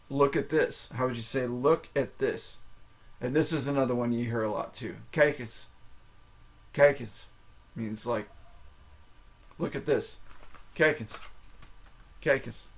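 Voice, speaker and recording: An American man in an easygoing lesson podcast, saying each phrase twice and slowly. He mocks himself and breaks into laughs as he goes. His pitch sits right in the middle for a man. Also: husky. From United States. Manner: self-mocking, laughs often, repeats phrases slowly. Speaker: podcast host. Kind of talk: casual language lesson.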